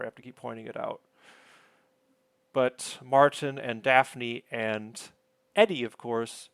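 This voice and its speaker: Guy chatting through a tv episode recap, rambly and self-deprecating, gravelly voice, dry sound. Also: mid-range voice, fairly bright tone, dry recording. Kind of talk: casual sitcom episode recap.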